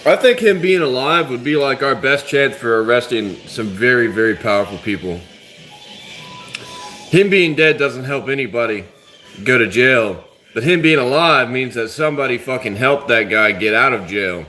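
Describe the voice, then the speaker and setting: A man's voice: medium pitch, animated, normal speed, pushed and bright, soft background music. A man hosting a live stream, chatting casually and rambling with his viewers. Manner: rambling, laid-back, chats with commenters. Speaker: livestream host.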